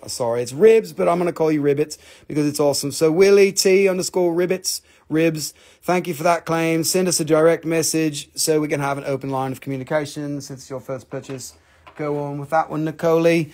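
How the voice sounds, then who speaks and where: High gravelly joking man. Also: a little fast, a little mellow. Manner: rambling, joking, profane, keeps switching voices. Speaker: live stream mineral seller. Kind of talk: casual live sales stream.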